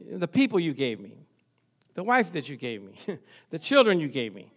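A man's voice: on the high side, wildly swooping pitch, a little slow, long pauses, a bit bright, breathy edge. A middle-aged man preaching a sermon in a church, chatty, acting out quoted voices, chuckling often and calling for amens. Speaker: pastor.

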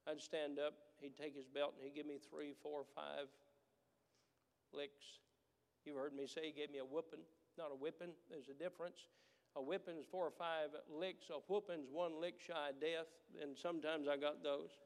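A man's voice: a little high, little pitch movement, normal speed, long reverb tail. A man preaching a sermon as pastor, with a manner that builds into emphatic, repeated declarations. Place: church sanctuary.

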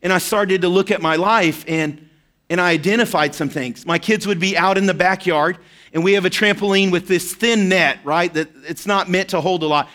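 A man with a notably high speaking voice delivers a sermon in a relaxed, conversational manner. He tells personal stories and keeps checking in with his listeners. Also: normal speed. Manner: conversational, personal storytelling with frequent "right?" asides. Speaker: pastor.

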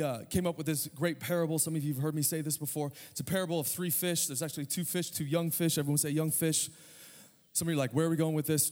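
Man preaching in a reverberant church. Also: on the high side. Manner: conversational preaching with humor, swinging from quiet to fervent. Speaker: pastor. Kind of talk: sermon. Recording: church hall with long reverb.

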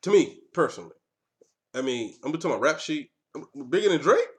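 Lively higher-voiced joking man. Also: a little fast. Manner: animated, joking, profane. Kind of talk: casual chat.

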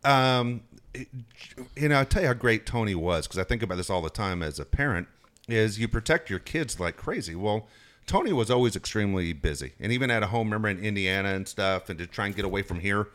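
Middle-aged guy telling stories, swears a lot, does everyone's lines, lowish voice. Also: fairly quick. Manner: profane, animated, acts out quotes. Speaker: sports reporter guest. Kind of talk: casual storytelling chat.

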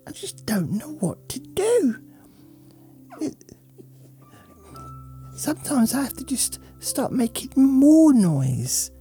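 A man voicing a bored, whiny male pet dog that complains in a breathy half-whisper. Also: very high voice, huge pitch swings, takes it slowly, long pauses, warm tone, faint music behind, pitched above the performer's own voice, heavily acted.

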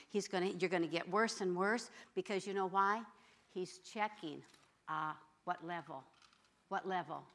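Bright, forceful woman preacher. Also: on the low side. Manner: animated, swings from loud to hushed whispers. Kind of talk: sermon storytelling.

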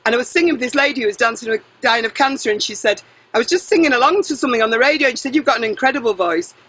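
A middle-aged woman singer being interviewed, chatty and animated, jumping between tangents and correcting herself. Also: fairly high pitch, very fast, slightly rough, no room sound, low-quality recording. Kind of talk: casual interview chat.

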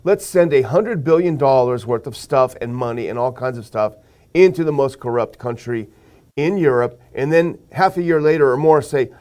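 A man's voice: mid-range voice, moderate pace, a little mellow. A man hosting a political talk show, chatting casually and reading quotes aloud with his own remarks. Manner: conversational, reads quotes aloud and remarks on them. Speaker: show host.

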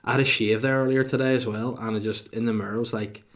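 A man's voice: medium pitch, fairly even intonation, fast, a bit bright. A man, rambling through a casual solo podcast monologue with crude, self-mocking humor. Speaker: podcast host.

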